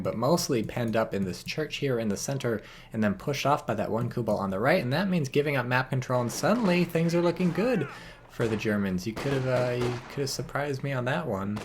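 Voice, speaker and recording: A man casually commentating a strategy game replay, wry and rambling, rising to exclamations at blunders. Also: mid-range voice.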